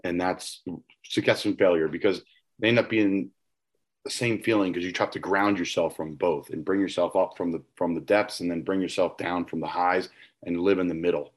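A man's voice: deep voice, fairly even intonation, moderate pace. A man hosting a podcast, talking in a reflective, rambling way. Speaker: podcast host. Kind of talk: casual conversation.

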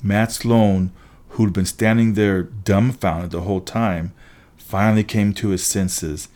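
Man narrating an audiobook, lowish voice. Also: steady tone, slow, a little mellow. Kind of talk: first-person audiobook reading.

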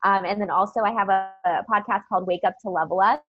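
A woman's voice: mid-range voice, fairly even intonation, fast, faint music behind. A woman guest on a podcast, chatting earnestly and upbeat about mindset, with lots of fillers. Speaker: podcast guest, business coach. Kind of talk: casual motivational chat. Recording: dull dry lo-fi sound.

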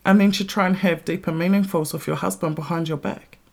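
Aussie woman ranting on her podcast, blunt and sweary, gravelly voice. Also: fairly low pitch, steady tone, brisk, darkish tone. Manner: blunt, heavy swearing, emphatic. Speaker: podcast host. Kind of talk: casual ranting monologue.

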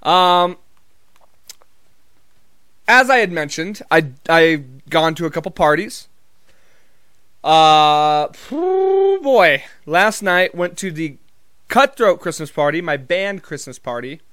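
A man's voice: on the high side, slow pace, pauses often, bright, forceful tone, clean tone, no room sound, clean studio sound. A man vlogging in a casual comedic monologue, telling rambling, profane, jokey stories.

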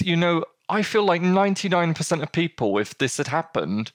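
A man co-hosting a casual news chat, animated and halting, often restarting his sentences. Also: a little high, no echo. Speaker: podcast co-host.

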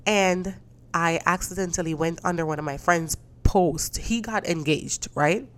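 A woman's voice: lowish voice, unhurried. A woman hosting a casual solo podcast, rambling with many restarts and laughs, sounding a bit stuffy. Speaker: podcast host.

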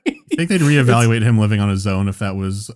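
A young man chats on a podcast, his pitch moving around a lot. He cuts in with dry, blunt remarks. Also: expressive, brisk, a little mellow. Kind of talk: casual chat.

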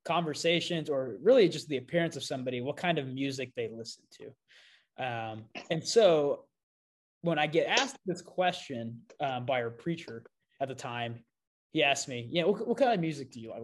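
A man hosting a podcast, telling a self-deprecating story in a casual, animated way with frequent fillers. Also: mid-range voice, a little fast. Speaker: podcast host.

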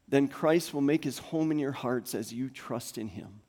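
Man preaching, hushed to loud. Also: mid-range voice, moderate pace, hardly any pauses. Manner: dynamic preaching, swinging from hushed near-whispers to loud calls. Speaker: pastor. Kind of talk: sermon. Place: church sanctuary.

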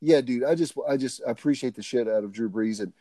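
Casting: young male podcast co-host, relaxed jokey banter, even mid pitch, dry studio sound. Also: quick pace, no echo. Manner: laid-back, swearing, joking banter. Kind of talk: casual chat.

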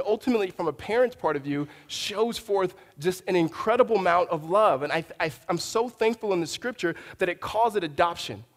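A man's voice: high voice, big-room sound. A man preaching a sermon as a pastor, conversational, often restarting his sentences and telling stories. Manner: conversational, with frequent restarts and storytelling asides.

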